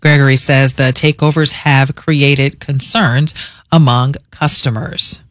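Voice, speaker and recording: A man anchoring a radio newscast with a steady, measured delivery. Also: medium pitch, slight background noise. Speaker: news anchor. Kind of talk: radio news reading.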